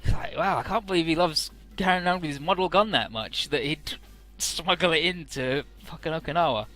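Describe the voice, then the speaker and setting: A man's voice: a little fast, pushed and bright, soft background music. A young man in casual game commentary, swearing freely and reading out character lines in playful voices. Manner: swearing, laid-back, jumps into squeaky voices for characters. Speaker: let's play commentator.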